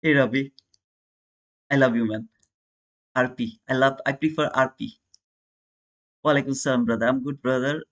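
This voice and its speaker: In a muffled recording, a man with a medium pitch speaks at normal speed in a steady, slightly bright tone, leaving long pauses. He's an Indian-accented day trader hosting a live trading stream, casually chatting with viewers, calling them brother, and answering chat.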